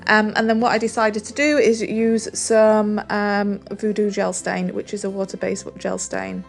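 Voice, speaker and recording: A woman's voice: mid-range voice, unhurried, vocal fry. Chatty woman explaining furniture painting. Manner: relaxed, chatty, says "um" and "really, really" often. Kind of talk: step-by-step painting tutorial voice-over.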